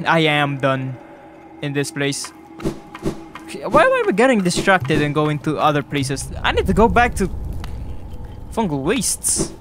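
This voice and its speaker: A man's voice: fairly high pitch, big pitch swings, measured pace, pauses often, noisy background. A man giving casual let's-play commentary, rambling and easily sidetracked, with self-mocking laughs. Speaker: gamer. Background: game music.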